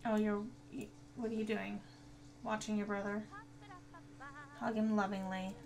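A woman's voice: medium pitch, level tone, a little slow, vocal fry, a little mellow. A woman giving casual gameplay commentary, chatting to her viewers and scolding the game characters. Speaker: gaming video creator.

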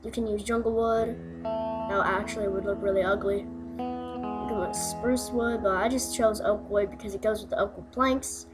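A woman's voice: medium pitch, fairly even intonation, normal speed. A young woman giving a casual, rambling voice-over for a building game tutorial, with goofy asides and plenty of fillers. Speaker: gaming video maker. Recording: voice-over with guitar music behind.

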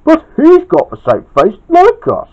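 A man voicing an excitable, mischievous boy who blurts out his lines eagerly. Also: very high voice, unhurried, lo-fi sound, voice pushed up, exaggerated voice.

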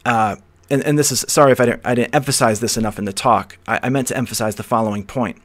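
Male podcast host, mid pitch, chuckling philosophy monologue, repeats words while thinking aloud. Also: quick pace. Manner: walks the listener through an imagined scene, frequent chuckles.

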